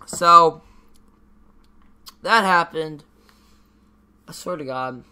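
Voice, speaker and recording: A man's voice: medium pitch, lively intonation, moderate pace, pauses often, bright, forceful tone. A teenage boy vlogging in a casual, rambling way, ranting and swearing freely with lots of fillers. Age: teens.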